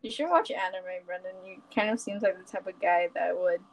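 A woman's voice: medium pitch, lively intonation, fairly quick, creaky, slight background noise. A teenage girl as a guest in a casual chat, blunt and teasing.

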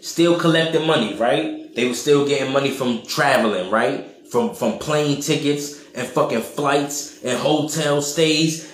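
A man rants through a solo podcast, profane and animated. His voice sits a little high, and the recording carries a roomy echo. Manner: profane, animated, slangy, mocking quoted voices. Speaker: podcast host. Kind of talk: casual monologue rant.

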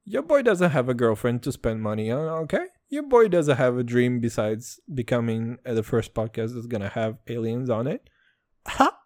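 A young man from Israel hosting a casual solo podcast, rambling and swearing, with jumps in pitch. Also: very animated, normal speed, darkish tone, no room sound. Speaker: podcast host.

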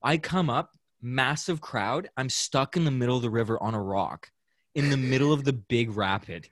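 A young man hosting a podcast, telling a story in casual chat, animated, acting out quotes and saying "like" a lot. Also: mid-range voice, moderate pace, no echo, studio quality. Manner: animated storyteller, acts out quotes, many "like"s and laughs. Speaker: podcast host.

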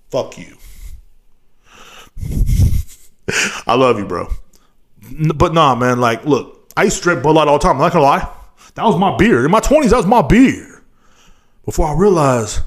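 A man in his thirties hosts his own beer podcast and rants in a loose, rambling way. His voice sits slightly higher than most men's. He swears constantly and mocks the people he talks about. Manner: profane, rambling, mocking. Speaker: podcast host. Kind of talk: casual rant.

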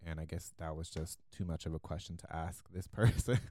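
A man co-hosting a podcast, telling a story in a casual, animated way, laughing often and acting out the people he quotes. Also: a bass voice, a little fast, dry recording, studio quality. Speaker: podcast co-host.

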